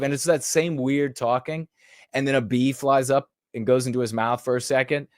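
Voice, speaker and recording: A man's voice: medium pitch, moderate pace, no room sound, studio quality. A man hosting a podcast in a casual, rambling and sarcastic commentary style. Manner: rambling and sarcastic, mimics people mockingly. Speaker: podcast host.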